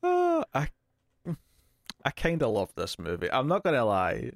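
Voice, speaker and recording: Lively, laughing man on a podcast. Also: mid-range voice, unhurried, gravelly, dry recording, clean studio sound. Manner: animated, laughs often, rambling restarts. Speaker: podcast co-host. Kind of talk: casual movie review chat.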